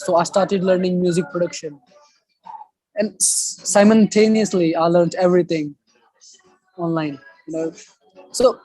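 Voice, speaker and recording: A man's voice: sits high, dry recording, poor audio. A young man with an Australian-style accent he learned, talking casually as a guest on a video call. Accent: Australian accent learned as a second accent. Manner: relaxed, speaks with a put-on Australian-style accent. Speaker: interview guest, subscriber.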